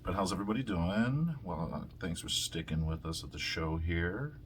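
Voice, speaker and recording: A low-voiced man hosts his podcast in a loose, rambling rant. He swears constantly and drifts off topic. A faint hiss sits under his voice. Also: animated. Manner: rambling, heavy swearing, quick laughs. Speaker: podcast host. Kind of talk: casual profane rant.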